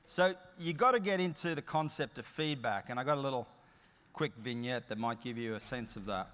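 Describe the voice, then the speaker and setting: A man's voice: mid-range voice, fairly quick, fairly bright tone, a little hiss or hum. A middle-aged man with an Australian accent giving a conference keynote, telling chatty, plain-spoken stories with humour. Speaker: keynote speaker. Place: large conference hall. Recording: long hall reverb.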